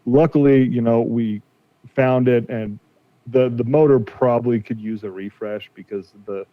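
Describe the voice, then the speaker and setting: A man in his forties, a car collector appearing as a podcast guest, casually tells a story about a dispute and acts out what others said to him. His mid-range voice is steady and his pace measured. The recording is dry and slightly dull.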